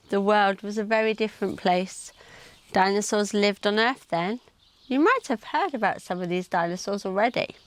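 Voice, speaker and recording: Slow, clear woman reading to preschoolers. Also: medium pitch. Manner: gentle, asks young listeners questions. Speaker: preschool storyteller. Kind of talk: children's picture-book reading.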